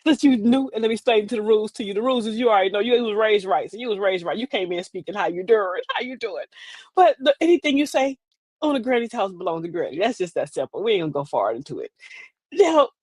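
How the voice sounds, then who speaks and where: Woman in her 40s, aave, chatty livestream host, pitch all over the place, dry close sound. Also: fast, no echo. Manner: animated, talks to viewers, acts out quoted voices. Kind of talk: casual livestream monologue.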